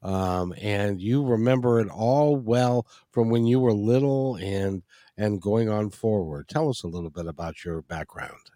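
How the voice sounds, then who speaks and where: A man's voice: on the low side, unhurried, mellow, no room sound, clean studio sound. A man hosting a radio talk show, chatting loosely with many restarts and fillers. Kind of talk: casual interview.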